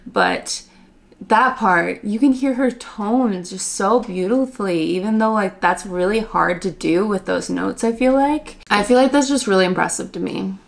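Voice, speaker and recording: A woman's voice: medium pitch, moderate pace, vocal fry, hardly any pauses. Congested woman giving eager reaction commentary. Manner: enthusiastic, chatty, searching for words. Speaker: reaction channel host.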